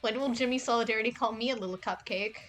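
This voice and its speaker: A woman's voice: a little high, fast, a bit bright, faint music behind. A young woman streaming casually, rambling and cooing affectionately at cats in a game. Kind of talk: casual livestream chat.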